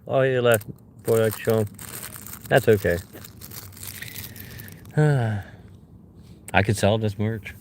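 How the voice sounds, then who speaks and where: This vlogger, a man searching a hillside for fossils, speaks slowly to the camera with long pauses in between. His voice sits lowish. Each discovery sets off a burst of glee in this casual, outdoor chat with viewers.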